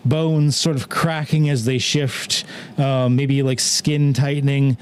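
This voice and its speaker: A man running a tabletop game as game master, narrating in a relaxed, rambling way with many "like"s. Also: medium pitch, slow.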